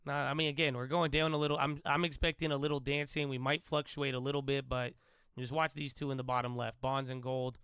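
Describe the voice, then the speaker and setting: A man's voice: mid-range voice, level tone, a little fast, clean tone, dry recording. A man hosting a live trading stream, giving loose, chatty market commentary and calling listeners bro. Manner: says he tends to sound loud and yelling.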